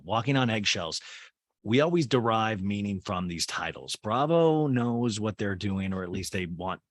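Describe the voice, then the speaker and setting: A man's voice: on the low side, a bit bright, dry recording. A man hosting a podcast, giving a chatty, sarcastic recap of a TV episode with rambling asides. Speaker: podcast host. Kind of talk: casual recap commentary.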